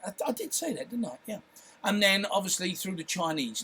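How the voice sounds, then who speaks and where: Chatty man with a higher voice. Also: expressive, fairly quick, bright, forceful tone, breathy edge. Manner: chatty, tag questions like "yeah?", playful. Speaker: content creator and filmmaker. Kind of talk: casual talk to camera.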